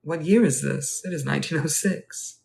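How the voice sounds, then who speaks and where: A man playing a polite, wistful Edwardian gentleman at a ball, speaking formally and courteously in a live role-play. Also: a little high, normal speed, vocal fry. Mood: genteel. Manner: formal, courteous, old-fashioned phrasing.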